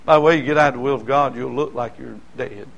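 A male pastor, preaching a sermon that swings from quiet talk to shouting, repeating his phrases. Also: mid-range voice, quick pace, gravelly, dull audio.

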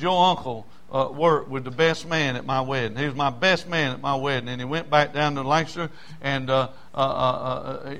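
A man preaching a sermon in a dramatic, folksy way, swinging between loud outbursts and low murmurs. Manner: folksy, with many fillers and restarts.

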